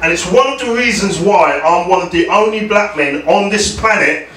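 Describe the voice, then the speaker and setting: A young man from England with a South London accent doing a hesitant, deadpan stand-up set, full of ums, and talking back to hecklers. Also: sits high, moderate pace, slight background noise. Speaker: stand-up comedian. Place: comedy club. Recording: echoey club from far off. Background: crowd laughter.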